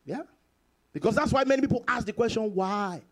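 Here a male pastor delivers a church sermon with a high-pitched voice. He reads scripture in a slow, emphatic way, alternating between loud outbursts and soft, stretched-out phrases.

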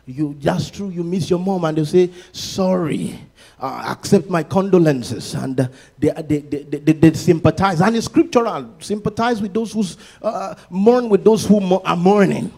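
At a moderate pace, a man delivers a sermon that moves between shouted, sung-out exclamations and low, chatty asides. Repeated words and restarted phrases come up often.

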